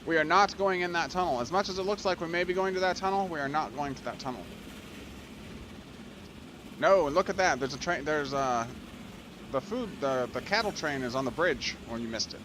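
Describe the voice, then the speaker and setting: A man hosting a let's play video, giving excitable gameplay commentary, gushing and laughing often. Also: a little high, normal speed, background noise.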